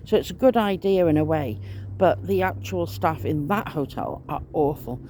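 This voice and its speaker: A woman's voice: low voice, animated, moderate pace, warm tone. A woman chats on in a loose, rambling monologue. She sounds aggrieved and swears mildly as she goes. Faint noise hangs in the background. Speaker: vlogger.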